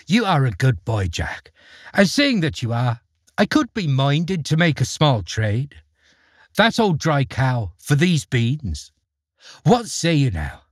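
A wheedling old storybook trickster who coaxes with quaint country phrasing, as a man acts him out. The voice is husky and swings widely in pitch, recorded close and dry. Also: wildly swooping pitch, slow pace, dry recording, exaggerated voice. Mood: coaxing. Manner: coaxing, old-fashioned country talk. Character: sly, wheedling old man peddling beans.

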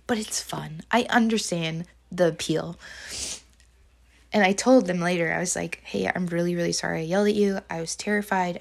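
A woman's voice: on the low side, creaky. A woman teacher talking through a hard week in a personal diary recording, rambling with many fillers and open about her feelings. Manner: emotional, confessional.

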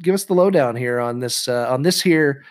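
A man's voice: mid-range voice, moderate pace. A man co-hosting a podcast in casual chat, rambling and breaking off his own sentences with a joking tone. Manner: rambling, self-interrupting, jokey. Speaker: podcast co-host.

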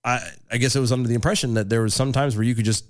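A man's voice: medium pitch, steady tone, rapid-fire. Sarcastic man co-hosting a talk show. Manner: sarcastic, reads quotes aloud with mock gravity. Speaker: podcast co-host. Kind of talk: casual political chat.

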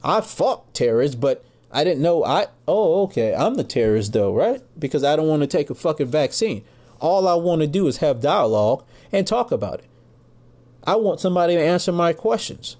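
A man's voice: fairly high pitch, animated, moderate pace, darkish tone. A middle-aged American man hosting a podcast, ranting angrily and with heavy profanity about politics. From United States. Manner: angry, profane, emphatic ranting. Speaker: podcast host. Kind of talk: political rant.

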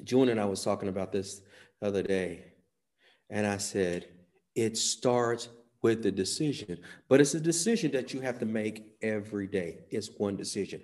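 A man preaching a sermon, swinging from soft, quiet phrases to sudden loud, emphatic peaks. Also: lowish voice, normal speed.

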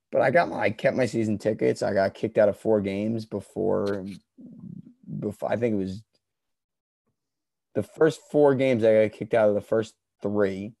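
Gravelly young guy, low dark voice, swears a lot while telling a story, goes from mumbly to yelling. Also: dry recording. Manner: profane, boisterous, swings from mumbling to shouting. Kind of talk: casual storytelling.

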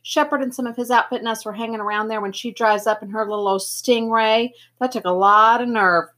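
A woman's voice: on the high side, fairly even intonation, brisk, fairly bright tone. A woman voicing a tough, cocky teenage boy in a gang, blunt and slangy, in a storybook reading. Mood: offhand.

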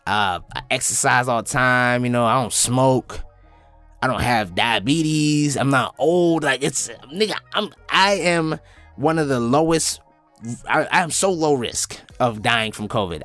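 A man in his twenties doing a profane comedic monologue as a podcast host, swinging up into high-pitched impressions. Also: expressive, normal speed, fairly bright tone, faint music behind. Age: 20s.

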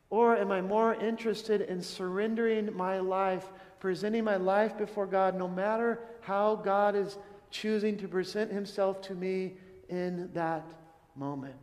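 A man's voice: high voice, long reverb tail. A man preaching a sermon in an earnest, questioning way, often asking his listeners something. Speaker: pastor.

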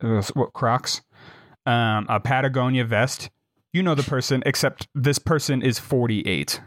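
A young man telling a rambling, animated, self-deprecating story in casual chat, swearing along the way. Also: medium pitch, a little slow, no room sound, studio quality. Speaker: podcast co-host, storyteller.

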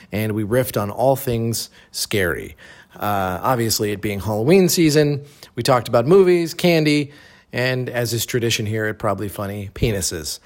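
A man hosting a casual comedy podcast, jokey and animated, swearing freely. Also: lowish voice. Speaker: podcast host. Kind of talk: casual chat.

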